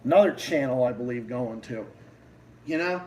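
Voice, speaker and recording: A man's voice: medium pitch, animated, normal speed, darkish tone, far from the mic, slight background noise, low-quality recording. A man with a Boston accent hosting a livestream, delivering a heated, profane political rant full of restarts. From Massachusetts. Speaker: livestream host.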